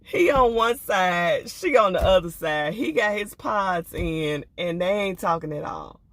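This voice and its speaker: Older woman, casual show reviewer, animated and sassy, dry close recording. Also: on the low side, measured pace, no room sound. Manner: animated, laughing, sassy asides. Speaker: reality TV reviewer. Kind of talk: casual commentary.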